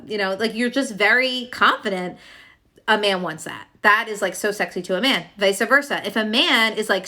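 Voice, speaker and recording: Young woman, higher-pitched and bright, chatty coaching vlog delivery, lots of filler tags. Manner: chatty and emphatic, full of "like" and "okay?". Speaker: love coach. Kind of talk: casual teaching monologue to camera.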